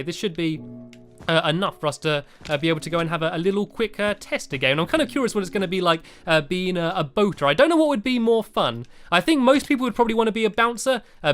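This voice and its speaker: A man giving let's-play gameplay commentary, hesitant with many "uh" fillers and turning excitable and cheering as the game runs. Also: a little high, smooth. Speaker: game channel host.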